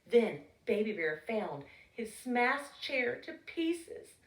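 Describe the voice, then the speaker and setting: A young adult woman reading a children's story aloud with a slow, expressive, animated delivery, recorded in a roomy space a little way off from the mic. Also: fairly high pitch. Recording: roomy, from a distance.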